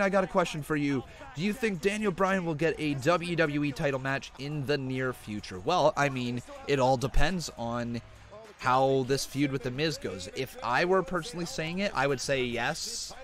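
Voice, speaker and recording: A man's voice: medium pitch, a bit bright. A man hosting a live reaction stream, chatting casually and reading out viewer donations and questions. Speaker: livestream host.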